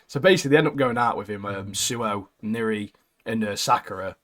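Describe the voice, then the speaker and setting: A man's voice: fairly low pitch, brisk. Chatty man with a young son. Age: adult with a young son. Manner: chatty, laughs often, animated impressions of characters. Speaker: podcast co-host. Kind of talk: casual anime chat.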